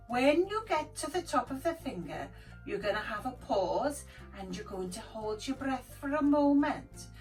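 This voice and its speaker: A woman voicing a polite childlike cat puppet. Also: a little high. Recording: distant mic, faint background music.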